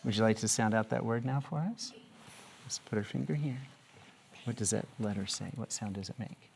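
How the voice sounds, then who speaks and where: A woman teaching a kindergarten reading lesson, patiently asking questions and drawing out phonics patterns slowly. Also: a bass voice, creaky, background noise. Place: classroom with small children.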